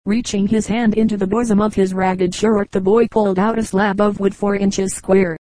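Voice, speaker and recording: A woman reading a novel aloud as an audiobook narrator, calm and measured. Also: mid-range voice, dry recording, rough recording. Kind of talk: scripted narration.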